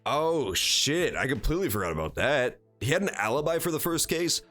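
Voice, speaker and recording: A man's voice: a little high, very animated, fairly quick, fairly bright tone, soft background music. A man streaming a game, reacting with blunt, profane commentary. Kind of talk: let's play commentary.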